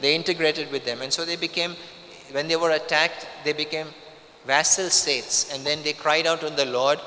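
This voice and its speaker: A man's voice: fairly high pitch, steady tone, moderate pace, sharp tone, a little hiss or hum. A man preaching a sermon, repeating key phrases for emphasis, with frequent restarts. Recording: long reverb of a hall.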